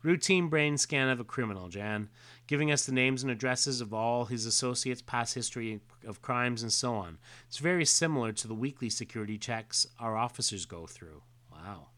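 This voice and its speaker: A podcast co-host reads comic dialogue aloud on a casual show, relaxed but hesitant, filling gaps with fillers and delivering the quotes plainly. He has a mid-range voice and speaks at normal speed.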